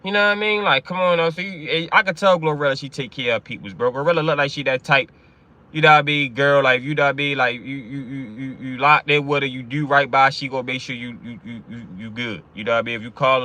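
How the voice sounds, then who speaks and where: A man's voice: mid-range voice, fast, pushed and bright. A man hosting a commentary channel, talking in loose slang and repeating "you know what I mean" constantly. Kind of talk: casual commentary.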